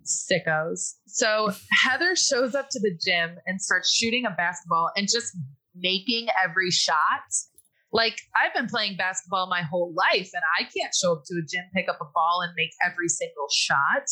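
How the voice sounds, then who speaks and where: A woman with a bright, clear-toned voice recaps a movie for her co-hosts in relaxed conversation. She is chatty, laughs easily and slips into quick impressions of the characters. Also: on the low side, low-quality recording. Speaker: podcast host recapping a movie. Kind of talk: casual chat.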